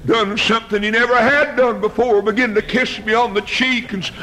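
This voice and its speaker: A middle-aged man preaching a fiery storytelling sermon, moving from hushed tales to shouted exhortation. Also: sits high, fairly even intonation, brisk.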